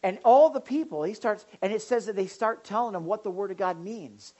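A woman pastor preaching a sermon in an animated way, now and then acting out the voices of people in the pews. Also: mid-range voice, a little fast, rough recording. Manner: animated, acts out congregants' voices.

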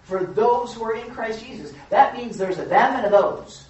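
A woman preaching a lively youth sermon as youth pastor, emphatic and animated, recorded from a distance in a church hall. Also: a little high, normal speed. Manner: animated, emphatic, acts out quoted voices. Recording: echoey hall from far off, dull.

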